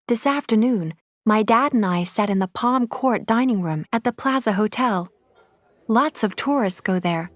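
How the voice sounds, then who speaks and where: Clear, steady woman reading a story. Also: medium pitch, dry recording, studio quality. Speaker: audiobook reader. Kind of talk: graded-reader story narration.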